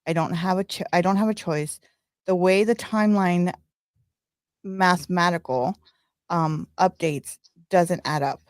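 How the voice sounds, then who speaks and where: A woman's voice: on the low side, unhurried, long pauses, no room sound. A woman co-hosting a podcast, relaying gossip news with many fillers. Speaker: podcast co-host presenting news. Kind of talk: casual chat.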